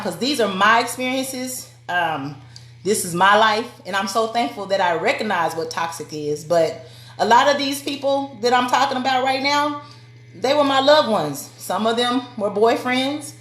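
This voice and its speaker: A woman's voice: fairly high pitch, lively intonation, normal speed, fairly bright tone. A woman giving a motivational live-stream talk to women, speaking directly and preacherly and calling out to her viewers. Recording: echoey room.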